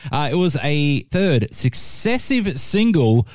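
Taking his time, an Australian music show host chats and jokes between songs in a casual, radio-style way, his pitch swinging lively as he talks. The sound is studio quality with no echo.

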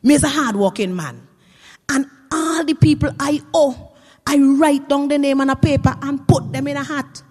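A defiant hardworking man, as a woman storyteller puts him on. He declaims loudly and boldly, with a long hall reverb behind him. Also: high voice, normal speed, lightly acted. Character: defiant hardworking man dodging debt collectors.

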